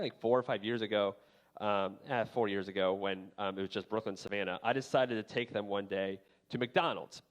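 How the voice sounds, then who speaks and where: A man in his thirties, a pastor, preaching a sermon and telling a personal story in a casual, chatty way with many fillers. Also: on the low side. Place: church sanctuary.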